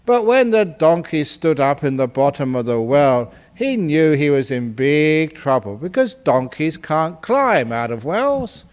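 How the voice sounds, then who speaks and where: A Buddhist monk in a man's voice tells a teaching story at an unhurried pace, playful and chuckling at his own humor. His pitch swings lively up and down, and his voice sits a little above the usual range for a man. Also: smooth. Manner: playful, laughs at his own jokes, animated. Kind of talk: humorous storytelling dharma talk.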